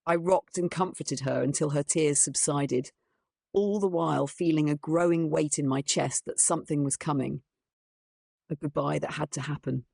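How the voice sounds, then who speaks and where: Gravelly woman narrating a ghost story. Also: low-pitched, normal speed, darkish tone, no echo. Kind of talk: scripted first-person horror narration. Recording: narration over music. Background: music.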